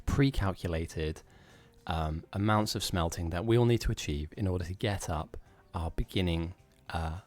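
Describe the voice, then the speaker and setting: A man's voice: low-pitched, darkish tone. A man casually commentating a strategy game match, explaining the build and laughing easily with his co-commentator.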